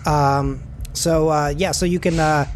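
A man voicing a chatty, eager male rideshare driver who rambles through a filler-heavy sales pitch. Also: steady tone, unhurried, a little hiss or hum, close to an everyday voice.

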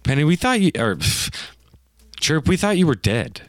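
A man's voice: mid-range voice, sing-song, a little slow, dry recording, pitched above the performer's own voice. A man voicing a wary, suspicious woman leader in a tabletop game.

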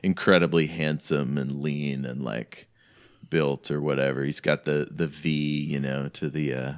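A man's voice: a bass voice, fairly even intonation, a little slow. A man narrating a tabletop game as game master, talking in a casual, rambling way full of "like". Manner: casual, rambling, heavy use of "like".

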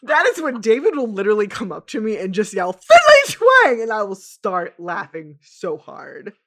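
A woman's voice: mid-range voice, moderate pace. A woman co-hosting a casual chat, reading a storybook aloud with a giggly, enthusiastic manner. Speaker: podcast co-host.

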